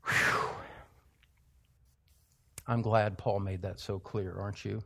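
A male pastor preaching an expository sermon in a church, emphatic, dropping to hushed asides and rising to loud exclamations. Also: lowish voice, level tone, takes it slowly, vocal fry.

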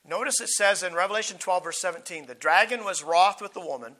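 Preacher, male, high and very bright voice, hoarse, clears his throat, slow emphatic scripture reading. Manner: reads scripture slowly and emphatically, with stumbles and restarts in asides. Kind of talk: sermon, Bible teaching.

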